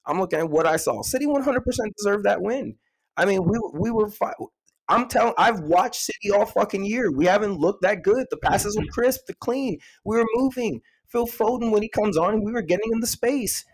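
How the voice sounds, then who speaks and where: A man co-hosting a football podcast, hoarse from yelling, swearing and arguing excitedly about his team's win. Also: sits high, brisk, rough recording. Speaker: podcast co-host, City fan. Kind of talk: heated casual football debate.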